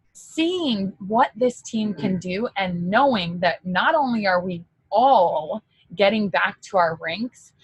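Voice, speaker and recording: Husky-voiced woman giving an emotional pep talk. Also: medium pitch, no room sound, poor audio. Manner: emotional and excitable, full of "like"; casual, chatty, mild swearing. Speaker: sales team leader. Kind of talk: motivational pep talk to a team.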